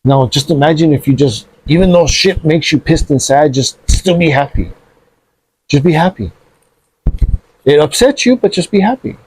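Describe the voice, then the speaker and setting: A man chatting casually on a podcast, animated and profane, dropping bro and dude often. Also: a little high, normal speed, husky, dry recording.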